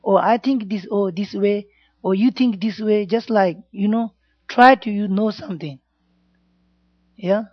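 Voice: medium pitch, a little slow, long pauses, dry recording. Dharma teacher in simple broken English. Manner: simple broken English, frequent checks like "yeah?" and "you know". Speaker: Buddhist teacher. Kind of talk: informal Dharma class talk. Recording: dull lo-fi recording, dry sound.

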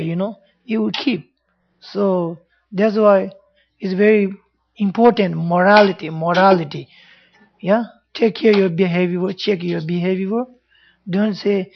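A man's voice: high-pitched, moderate pace. Buddhist teacher guy, not a native english speaker, earnest, keeps repeating himself, kinda dull lo-fi sound. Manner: earnest, repeats phrases, frequent "yeah?" checks. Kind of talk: informal dharma talk.

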